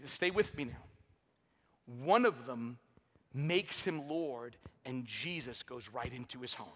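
Middle-aged man, pastor, emphatic sermon, sharp voice, reverberant hall. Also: medium pitch, slow pace. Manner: energetic, emphatic preaching with humor. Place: large church hall.

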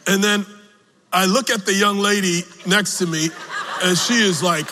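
A man preaching a sermon, telling a personal story slowly with emotional swings, from the pulpit of a church. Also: high voice, pushed and bright, slight background noise. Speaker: pastor. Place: church sanctuary. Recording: long reverb of a large hall.

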